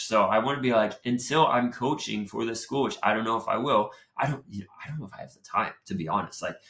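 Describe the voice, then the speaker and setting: A young man with a fairly low voice hosts his own show in casual, chatty talk. He keeps it animated and plays out what went through his head. The sound is roomy and echoey. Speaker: show host. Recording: roomy echo.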